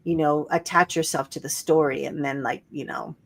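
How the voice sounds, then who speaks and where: A woman's voice: low-pitched, normal speed. A middle-aged woman co-hosting a casual spiritual podcast, telling stories and acting out quoted voices with animation. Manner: storytelling, animated when quoting others. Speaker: podcast co-host. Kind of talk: casual conversation.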